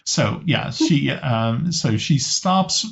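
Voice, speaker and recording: A man's voice: medium pitch, animated, extremely slow, gravelly. A man narrating as game master of a tabletop game, hesitant and often restarting his sentences. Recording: slightly muffled lo-fi audio.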